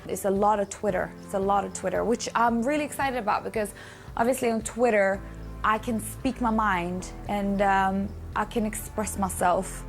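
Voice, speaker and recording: A woman's voice: mid-range voice, moderate pace, soft background music. A woman talking casually as an evicted contestant, earnest and rambling. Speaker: evicted reality show contestant. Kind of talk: casual interview talk.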